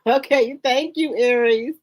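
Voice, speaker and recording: A woman's voice: on the high side, takes it slowly. Chatty woman hosting a livestream. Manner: chatty, repeats greetings, informal. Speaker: livestream host. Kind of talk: casual livestream chat greeting viewers.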